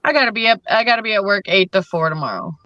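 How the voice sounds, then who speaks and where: A woman's voice: mid-range voice, expressive, fast, bright, forceful tone. A woman with a Southern US accent chatting casually, easygoing and playfully pushing back. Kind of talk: casual chat. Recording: dull lo-fi sound.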